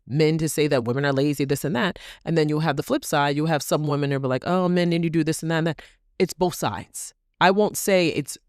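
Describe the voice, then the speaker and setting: A woman's voice: deep voice, a little mellow, dry recording, studio quality. A woman hosting a solo podcast, talking animatedly, asking rhetorical questions and repeating phrases for emphasis. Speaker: podcast host.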